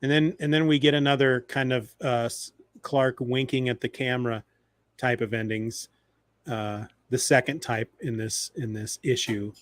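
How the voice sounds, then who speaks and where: A man co-hosting a podcast, retelling comic stories in a lively, animated way. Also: mid-range voice, normal speed, no room sound. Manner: animated retelling, acting out quoted lines. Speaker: podcast co-host. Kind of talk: casual chat about comics.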